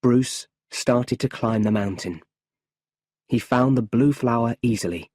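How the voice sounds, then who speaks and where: Male audiobook narrator for learners; husky, slow, careful delivery. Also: mid-range voice, darkish tone, dry recording. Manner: slow, careful storybook reading.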